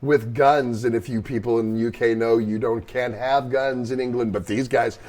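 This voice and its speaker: A man's voice: medium pitch, fairly even intonation, normal speed, a little mellow. A man hosting a casual chat, telling a band road story bluntly and cutting in often. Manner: blunt, profane, jumps in with interjections. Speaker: podcast host and band member.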